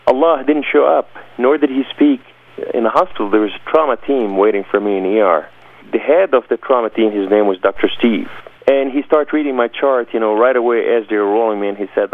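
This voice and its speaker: A man's voice: medium pitch, fairly quick, no room sound. A man giving an emphatic, dramatic personal testimony as an interview guest. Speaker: guest telling his testimony. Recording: dry, phone-like lo-fi sound.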